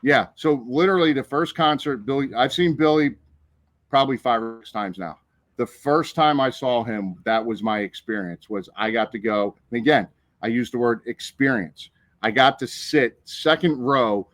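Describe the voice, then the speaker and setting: A man telling a story in casual chat on a podcast, animated and profane, acting out the people in it. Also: mid-range voice, moderate pace, dry recording. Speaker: podcast co-host.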